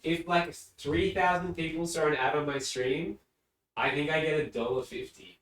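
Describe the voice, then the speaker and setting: A man's voice: fairly high pitch, fairly even intonation, moderate pace, fairly bright tone. A man from England chatting casually on a live stream, rambling and easily distracted, often talking away from his desk microphone. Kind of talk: casual chat. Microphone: desk mic, often spoken from a distance. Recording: roomy echo, distant from mic.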